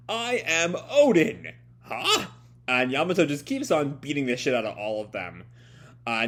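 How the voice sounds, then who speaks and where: An excitable man reads through a comic and reacts as he goes, swearing and musing out loud. His pitch sits mid-range but jumps around in lively swings. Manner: excitable, swearing, thinking aloud. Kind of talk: casual read-along commentary.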